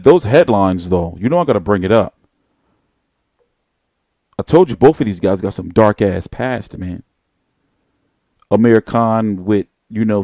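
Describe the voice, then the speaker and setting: A man's voice: fairly low pitch, mellow, no room sound, studio quality. A man hosting a live boxing talk stream, speaking in a blunt, profane and rambling street manner. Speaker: boxing channel host. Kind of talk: casual live boxing commentary.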